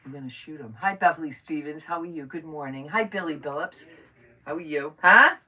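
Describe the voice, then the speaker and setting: Hosting a live crafting stream, a woman chats casually with viewers as she works, rambling and greeting people by name. Her low voice is brisk and slightly rough, sitting a bit far from the mic over faint noise.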